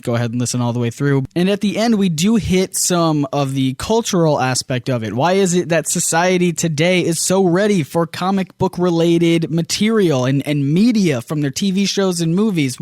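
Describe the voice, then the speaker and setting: A man hosting a casual podcast, chatty and brisk, rushing through his asides. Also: fairly high pitch, darkish tone, no echo, clean studio sound. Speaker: podcast host.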